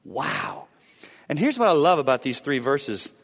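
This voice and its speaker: A male pastor preaching a sermon, swinging between booming emphasis and hushed, quiet lows. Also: big pitch swings, fairly quick, long reverb tail.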